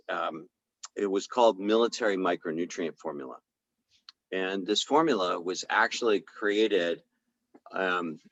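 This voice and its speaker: A low-pitched man recounts a story in a loose, conversational way, stopping for fillers and acting out the back-and-forth of the dialogue. His voice sounds close and dry, and the recording is a little dull and lo-fi. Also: a bit bright, no room sound. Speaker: chiropractor speaking on a health podcast. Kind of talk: casual storytelling talk.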